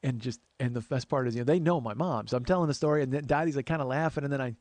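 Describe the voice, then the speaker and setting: A man's voice: medium pitch, rapid-fire, a little mellow. A man in his forties telling stories in a casual podcast monologue. He chats freely, swears offhandedly and acts out the people he quotes. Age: 40s. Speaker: podcast host.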